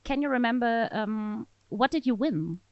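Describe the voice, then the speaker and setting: Slow, lively woman hosting an interview. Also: fairly high pitch, no room sound. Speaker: podcast host. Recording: dull lo-fi sound.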